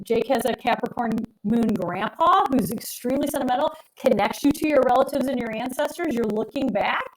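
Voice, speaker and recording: A woman's voice: high-pitched, a little mellow, poor audio. A middle-aged woman co-hosting an astrology live stream, talking in a chatty, rambling, emphatic way. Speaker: astrologer co-host. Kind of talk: casual live-stream chat.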